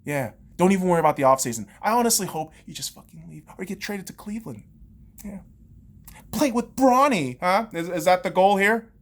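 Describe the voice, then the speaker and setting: A woman's voice: fairly low pitch, lively intonation, a little fast. A woman podcast host, in her thirties, on a heated and profane sports rant full of sarcastic jabs.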